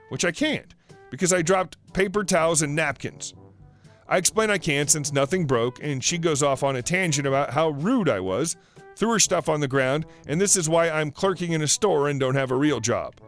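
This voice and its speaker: A man narrating online stories aloud, reading quotes in a plain, even way. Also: a little high.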